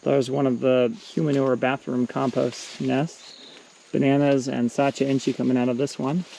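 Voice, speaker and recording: A man giving a relaxed walking tour of his outdoor tropical farm, pointing out plants as he goes. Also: medium pitch, normal speed, gravelly. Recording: outdoor noise with insects and crickets.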